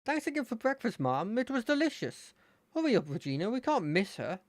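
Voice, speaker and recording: A streamer voicing an excitable, eager young male rival in a video game, gushing and breathless. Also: mid-range voice, a little fast, dry recording, clean studio sound, pitched above the performer's own voice, lightly acted.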